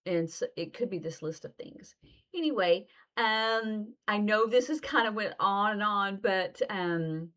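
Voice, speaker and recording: A woman's voice: medium pitch, measured pace, a bit bright, lo-fi sound. A woman teaching a casual video lesson, chatty and loose, acting out little example dialogues as she explains. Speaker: sign language teacher.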